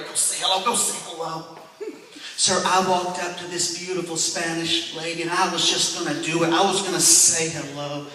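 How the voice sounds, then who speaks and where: A man's voice: fairly high pitch, pushed and bright, a little hiss or hum. A middle-aged man tells funny stories at a church, chuckling and calling the crowd sir and ma'am. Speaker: church comedian. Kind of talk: stand-up storytelling. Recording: echoey hall, distant mic.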